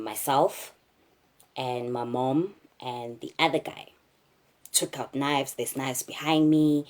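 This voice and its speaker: A young South African woman telling a personal story to camera, candid and halting, with frequent fillers. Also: extremely low pitch, darkish tone.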